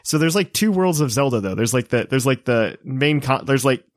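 A man's voice: mid-range voice, lively intonation, normal speed, no room sound, studio quality. A man in his late twenties co-hosting a casual chat, rambling with lots of fillers and poking fun at himself. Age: 20s. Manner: rambling, filler-heavy, self-mocking.

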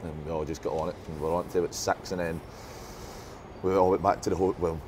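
A man with a Scottish accent, a footballer being interviewed, giving relaxed, short plain answers. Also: sits low, quick pace, background noise. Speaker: footballer guest. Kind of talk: casual chat.

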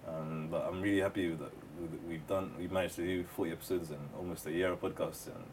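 A man's voice: low-pitched, fairly even intonation, fast, a little mellow. A man hosting a casual book podcast, talking loosely with restarts and fillers. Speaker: podcast host. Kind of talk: casual chat. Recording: distant mic with faint noise.

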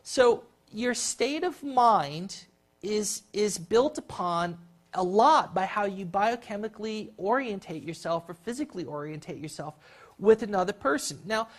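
A workshop leader talking a live group through a guided exercise, acting out scenes with sudden jumps in pitch and often repeating words and restarting. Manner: animated, acts out scenes with big jumps in pitch.

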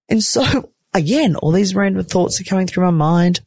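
A woman's voice: medium pitch, moderate pace, gravelly, a little mellow, husky, no room sound. An exhausted woman who has just given birth, chatting frankly and exclaiming often in a personal vlog from a hospital room. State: exhausted after giving birth. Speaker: vlogger, new mother.

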